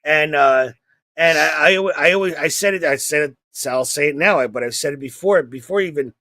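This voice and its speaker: A man co-hosting a podcast in casual chat, rambling and animated, acting out quoted voices. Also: a little high, a little fast, no echo. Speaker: podcast co-host.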